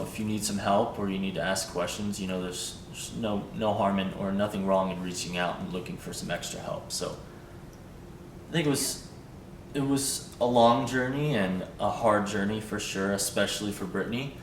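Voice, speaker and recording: Young guy, kinda low voice, hesitant and fillery, far from mic in echoey room. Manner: halting and hesitant, with many fillers. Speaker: vlogger's husband. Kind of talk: casual personal talk. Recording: roomy echo, distant mic, faint rumble.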